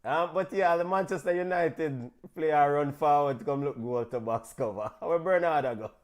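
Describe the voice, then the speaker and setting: A man with a Jamaican accent hosts a relaxed football watch-along chat. His voice sits a little high for a man, and he gets excitable, calling out players and sending big-ups to listeners. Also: normal speed. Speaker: football show host.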